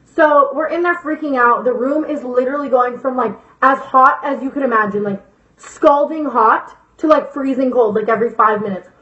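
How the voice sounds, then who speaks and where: High-voiced young woman telling a dramatic story. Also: moderate pace, a bit bright. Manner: dramatic, profane, filler-heavy storytelling. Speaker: YouTuber. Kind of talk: storytime vlog. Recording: echoey lo-fi room sound.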